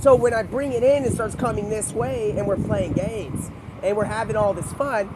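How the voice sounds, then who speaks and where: A man's voice: high-pitched, fairly even intonation, moderate pace, heavy background noise. A young man livestreaming, rambling from one loose thought to the next and acting out the voices of the people in his stories. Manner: rambling, free-associating, acts out quoted voices. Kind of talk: rambling live monologue.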